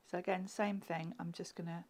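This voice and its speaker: A woman's voice: lowish voice, darkish tone. Giggly woman demonstrating crafts. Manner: chatty, giggly, often drops to a murmur while working.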